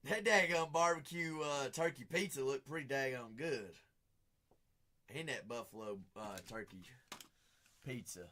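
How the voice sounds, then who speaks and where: This American man sounds very animated and forceful, his voice on the high side and bright, moving at a moderate pace. On his live card-break stream, he drums up the remaining slots with upbeat, repetitive patter and casual viewer chat.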